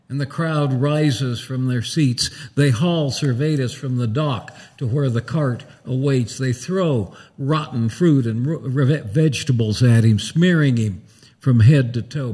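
Slow, dramatic male storyteller. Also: mid-range voice, dark tone, breathy edge. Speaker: minister. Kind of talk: one-man musical storytelling.

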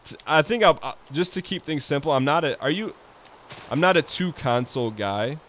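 A man hosting a let's play, chatting casually in a relaxed, rambling way and laughing easily. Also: fairly high pitch, normal speed, slight background noise. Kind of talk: casual gaming chat.

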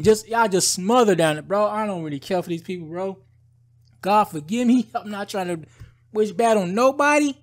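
A man's voice: high voice, animated, fairly quick. A man giving casual, heated political commentary in a rambling vlog, calling his viewers "bro" and "guys" often. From United States.

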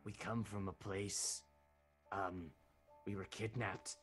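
Male player, lowish voice, halting and stammering in character. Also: fairly even intonation, soft background music. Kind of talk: in-character tabletop play.

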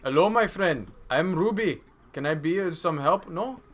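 A man voicing a fawning male shopkeeper who is eager to help, in a high sing-song put-on voice. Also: animated, normal speed, a bit bright.

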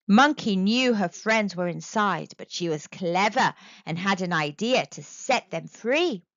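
A woman storyteller reading a children's picture book aloud in a slow, very expressive way. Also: medium pitch, dry recording, muffled recording.

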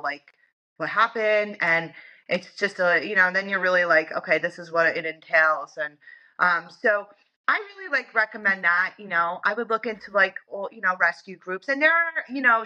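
A woman's voice: medium pitch, sharp tone, highs cut off. A woman guest in a casual interview, talking in a chatty way full of "like" and "you know". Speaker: interview guest, dog owner.

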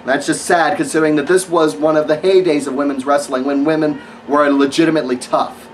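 A man's voice: fairly high pitch, steady tone, brisk, far from the mic, a little hiss or hum, low-quality recording. A man giving a casual, rambling spoken review of wrestling matches, sarcastic and full of fillers.

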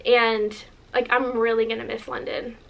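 A young American woman in her twenties talks straight to camera in a casual vlog, her voice sitting a little high. She gushes with enthusiasm and keeps slipping in "like" as she rambles along. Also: flat delivery, moderate pace, vocal fry, lo-fi sound. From Northern California, USA. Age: 20s. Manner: gushing, chatty, heavy use of "like". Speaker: vlogger. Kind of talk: casual sit-down vlog chat.

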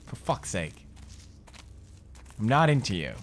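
Young male gamer, lively pitch, cursing and mocking a horror game, game noise behind. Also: slow. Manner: swearing, jumpy and loud, mocking the game. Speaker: gamer commentator. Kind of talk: horror game let's play commentary.

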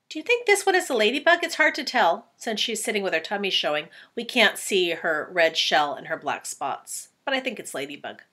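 Brief: lively, bright-voiced female teacher reading aloud to kids. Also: mid-range voice. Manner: animated, asks children questions. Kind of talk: storybook read-aloud for children.

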